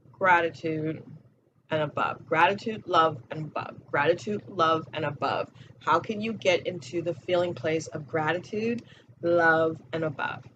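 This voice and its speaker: Woman, spiritual coach, casual motivational talk, blunt, profane, unhurried, faint hiss behind. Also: fairly low pitch, dull audio. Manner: blunt, profane, repeats key phrases.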